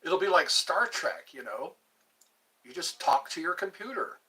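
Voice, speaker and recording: On his livestream, shot from a phone on a tripod, a middle-aged man rambles casually to young viewers and drifts into snippets of song. He sounds very animated yet unhurried, his slightly high voice bright and forceful.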